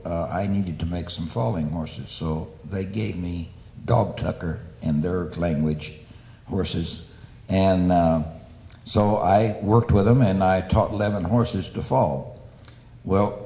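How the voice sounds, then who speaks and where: A man's voice: deep voice, dark tone. A man who trains stunt horses, telling a plain, matter-of-fact story in an interview. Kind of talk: casual anecdote telling. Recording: echoey room.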